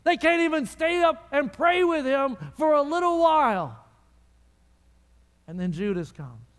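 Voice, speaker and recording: A man preaching a sermon in a church, telling the story dramatically and dropping from loud to hushed. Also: very high-pitched, sing-song, a little slow. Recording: long reverb of a large hall.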